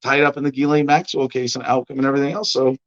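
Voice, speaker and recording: A man's voice: medium pitch, flat delivery, racing. Rambling man on a lo-fi stream. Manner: loose, rambling, hedging commentary. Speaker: show host. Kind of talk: casual livestream talk. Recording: muffled lo-fi stream audio.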